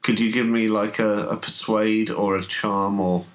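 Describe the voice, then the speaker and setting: A man running a horror tabletop game as game master, describing scenes in a halting way with many fillers. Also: on the low side, level tone, slight background noise, low-quality recording.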